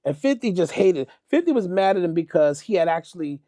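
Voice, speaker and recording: A man's voice: high voice, big pitch swings, fairly quick, dark tone, dry recording, clean studio sound. A middle-aged man, a music producer guest, telling stories in a casual interview and acting out the quotes with animation.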